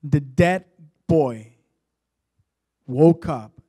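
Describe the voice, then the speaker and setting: A male preacher delivering a sermon, rising from quiet storytelling to loud, impassioned exhortation. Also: a little high, drawn-out words, breathy edge.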